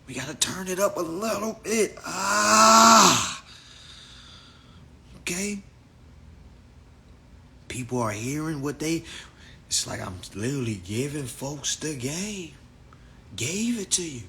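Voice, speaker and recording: A young man hosting a casual livestream from a phone, talking in an animated, profane way and laughing often. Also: on the high side, a little slow, long pauses, a little hiss or hum. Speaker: livestream host.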